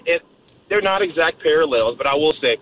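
A man's voice: on the high side, lively intonation. Folksy man on a tinny phone line. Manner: folksy, emphatic, quick asides. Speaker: caller. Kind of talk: political call-in chat.

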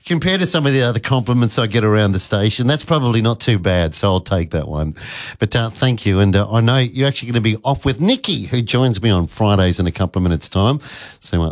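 Lively Australian radio host, chatty. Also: male voice, mid-range voice. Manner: chatty, laughing often, self-deprecating. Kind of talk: casual breakfast radio chat.

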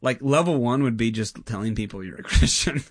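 A man in a mid-range voice, talking as a pastor in a relaxed conversation. His delivery is earnest and animated, full of quick fillers and restarts. The sound is dry and close, with no room around it. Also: medium pitch, no echo. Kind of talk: casual conversation.

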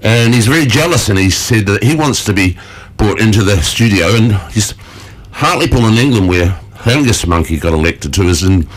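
A man's voice: lowish voice, animated, normal speed, hardly any pauses. A man presenting on morning radio from a studio, chatting casually with a rambling, chuckly manner and many fillers.

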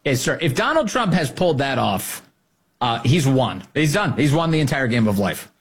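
A man's voice: mid-range voice, moderate pace, husky. A man hosting a political podcast, commenting sarcastically on played clips with frequent laughter. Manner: sarcastic, laughing, animated asides.

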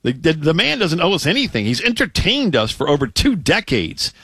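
Excitable, emphatic man on sports radio. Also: a little high, brisk, breathy edge, no room sound, clean studio sound. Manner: excitable, emphatic, stammering restarts. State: feeling sick. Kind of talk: casual sports talk radio. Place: radio studio. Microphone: studio microphone.

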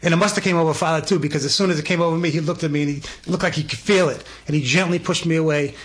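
With a slightly high voice and a breathy edge, a middle-aged man races through a personal story in casual conversation. He is earnest and emphatic, becoming animated as he quotes people.

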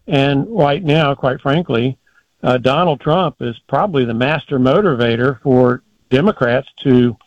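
An older man giving political commentary as a guest in a measured, folksy, deliberate way. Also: on the high side, no room sound, lo-fi sound.

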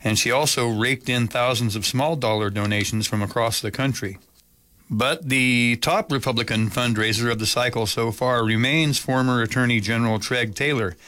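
A man reading radio news as the anchor, in an even, measured delivery. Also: mid-range voice, no room sound. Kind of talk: read news bulletin.

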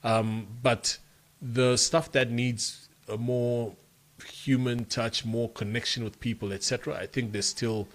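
A voiceover artist from Africa speaking as a radio interview guest, thoughtful and halting, with many repeated words. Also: male voice, mid-range voice, level tone.

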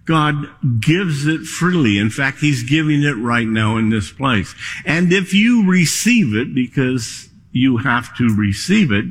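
Husky guy preaching real slow, lots of hall echo, church sermon. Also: mid-range voice, a bit bright. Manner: slow, deliberate, stressing key words. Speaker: pastor. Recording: long hall reverb.

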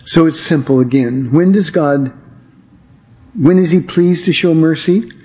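Earnest Bible teacher, man with mellow voice. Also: fairly high pitch. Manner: earnest, emphatic, slows down to stress key words. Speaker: Bible teacher and radio show host.

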